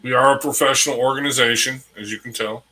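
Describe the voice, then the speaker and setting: Guy hosting a group video chat, bright tone, repeats himself a lot, kinda mocking. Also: mid-range voice, steady tone, quick pace, low-quality recording. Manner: rambling, repeats words, mocking asides. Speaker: discussion group host. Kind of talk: casual online discussion.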